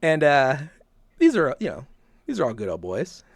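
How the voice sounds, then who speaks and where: A man's voice: mid-range voice, huge pitch swings, moderate pace, vocal fry, no room sound, clean studio sound. A man from the South, hosting a casual podcast and telling rambling stories with frequent chuckles. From American South. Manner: rambling storyteller, chuckles often. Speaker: podcast host.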